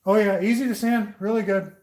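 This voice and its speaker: A man's voice: high voice, steady tone, a little fast, a little mellow. A man turning pens on a lathe in his workshop, chatting casually with livestream viewers by name and reading their comments. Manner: chats with viewers by name, reads comments aloud. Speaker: woodturner streaming live. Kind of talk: casual livestream chat while working. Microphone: camera set up beside the lathe. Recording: roomy workshop echo.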